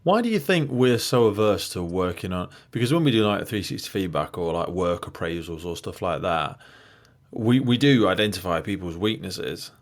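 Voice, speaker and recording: Low-voiced podcast host asking long questions. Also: male voice, lively intonation. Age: 30s. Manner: quick, thoughtful questions, long winding phrasing. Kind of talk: podcast interview.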